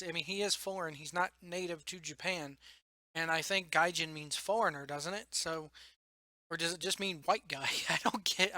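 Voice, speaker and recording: Young guy vlogging wrestling news, tired but hyped, bright voice, dry sound. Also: high-pitched, dry recording. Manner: rambling, excitable, laughs often. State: tired late at night. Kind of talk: casual solo commentary.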